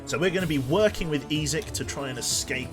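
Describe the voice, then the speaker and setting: A man's voice: fairly high pitch, brisk. A young man chatting casually to his stream chat while playing, rambling and joking, on a desk mic. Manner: rambling, jokey, talks to chat. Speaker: game streamer. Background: game music.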